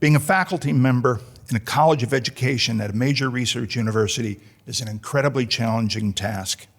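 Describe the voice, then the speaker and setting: A middle-aged American man with a New Jersey background stands at a lectern in a lecture hall to introduce a colleague. His delivery is dry and wry, full of self-deprecating jokes, and his voice sits at an ordinary male pitch. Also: fairly quick, gravelly. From United States, New Jersey. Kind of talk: humorous speech at a formal lecture.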